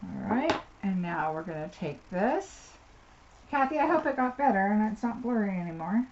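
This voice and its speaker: A woman's voice: medium pitch, expressive, normal speed. A woman giving a live card-making tutorial, chatting and thinking aloud as she works at her desk. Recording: slightly dull audio with faint noise.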